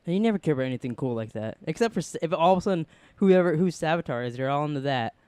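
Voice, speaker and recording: Young guy rambling excitedly about a tv show, smooth clear voice, dry close sound. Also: fairly high pitch, very fast, no echo. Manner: excited, rambling with many "like"s and restarts. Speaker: podcast co-host. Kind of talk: casual TV review chat.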